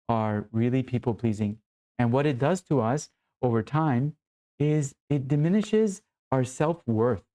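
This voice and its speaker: A man's voice: mid-range voice, dark tone. A man coaching other men, talking earnestly and with emphasis in short phrases. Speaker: men's coach. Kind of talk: motivational teaching talk.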